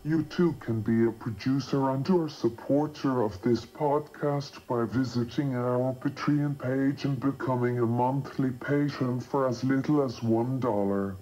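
A man reading a podcast outro announcement in a slow, measured way. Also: medium pitch, dark tone. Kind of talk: scripted announcement. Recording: dull lo-fi recording over faint music.

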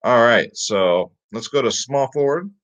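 This fantasy sports picks host has a mid-range, fairly bright voice, and he sounds animated without ever hurrying. He runs through his picks casually and with energy, leaning again and again on "guys" and "get him in there." It's recorded in slightly dull lo-fi audio.

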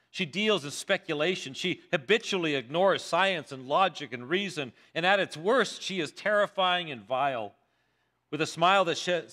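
A man's voice: on the high side, bright, forceful tone. A male pastor preaching a sermon told as a dramatic courtroom story, voicing the characters himself. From Canada. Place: church sanctuary.

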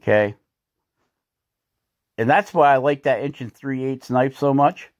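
A man's voice: mid-range voice, measured pace, no echo. Joking man narrating a carving tutorial. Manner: joking, folksy, chatty. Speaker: woodcarving channel host.

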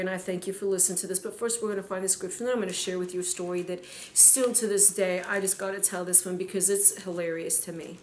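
A middle-aged woman minister preaching and telling funny stories with lots of laughter. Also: mid-range voice. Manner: animated, laughing storyteller. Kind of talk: sermon storytelling. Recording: echoey room, faint background noise.

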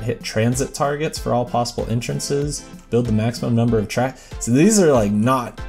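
A man's voice: medium pitch, creaky, a little mellow. A man giving casual, rambling gameplay commentary as a let's play host, self-deprecating and chatting to the characters on screen.

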